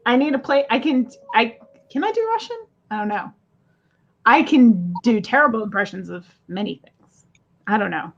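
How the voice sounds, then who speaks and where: A woman's voice: on the high side, normal speed, creaky, a little hiss or hum. A woman chatting on a live auction stream, rambling off on tangents and laughing often. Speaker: guest seller. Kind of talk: casual live-stream chat. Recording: dull lo-fi audio.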